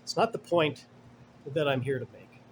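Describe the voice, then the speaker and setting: A man's voice: fairly high pitch, animated, moderate pace, slight background noise. Rambling, sarcastic male commentator. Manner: rambling and digressive, many fillers and asides; blunt and sarcastic, swears. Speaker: commentary host. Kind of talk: casual commentary monologue.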